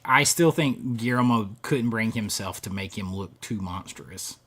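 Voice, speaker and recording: A man's voice: fairly low pitch, a little slow, few pauses, a bit bright, breathy edge. A middle-aged man hosting a live stream, chatting casually and rambling as he reads viewer comments, often chuckling between thoughts.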